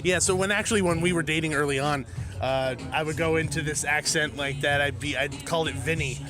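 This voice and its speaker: A man's voice: on the high side, fairly quick, music in the background. A man hosting a podcast, chatting enthusiastically and interviewing a guest. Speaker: podcast host.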